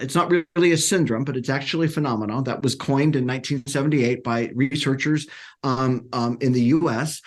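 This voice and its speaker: Animated man career coach. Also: on the high side. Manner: animated, acts out quotes with restarts. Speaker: career coach, podcast guest. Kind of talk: casual interview talk.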